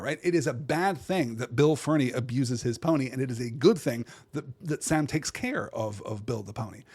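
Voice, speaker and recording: A man's voice: on the high side, a little mellow, slightly rough. A thoughtful man musing with many restarts. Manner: thoughtful, digressive, frequent "right?" and restarts; reads verse aloud in measured cadence. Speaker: podcast host. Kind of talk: literary discussion podcast.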